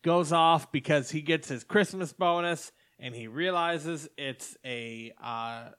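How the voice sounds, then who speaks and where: A man's voice: a little high, slow, fairly bright tone, clean tone. A man hosting a podcast, chatting casually, teasing and laughing often. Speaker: podcast host. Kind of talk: casual chat.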